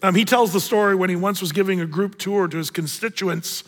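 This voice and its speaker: A man preaching a sermon as pastor, animated and acting out the voices of the people in the story. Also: high voice, fairly quick, long reverb tail.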